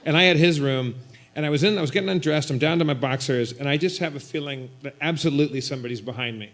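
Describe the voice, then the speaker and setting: A man with a slightly high voice spins a comedic ghost story for a live audience. He talks in an animated rush and keeps breaking into loud, shouted bits. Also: fast talker. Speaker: guest storyteller. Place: live stage show before an audience.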